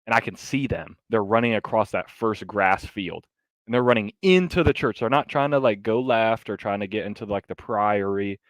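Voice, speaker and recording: A man with a fairly low voice tells a story to a friend on a podcast, with animated, casual talk full of fillers and the odd curse. The sound is dry and close, with no room echo. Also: moderate pace. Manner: animated, swearing, lots of fillers. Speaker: podcast co-host.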